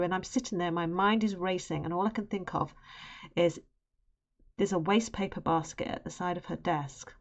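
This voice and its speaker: Streamer: young woman, lowish voice, chatty, animated storyteller who laughs easily. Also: moderate pace. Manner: animated, laughs while telling. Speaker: art streamer. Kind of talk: casual storytelling on a live stream.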